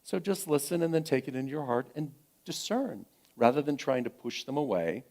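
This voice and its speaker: Gentle middle-aged man preaching a sermon. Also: mid-range voice, lively intonation. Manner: gentle, repetitive encouragement with frequent pauses. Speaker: pastor. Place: spiritual center sanctuary.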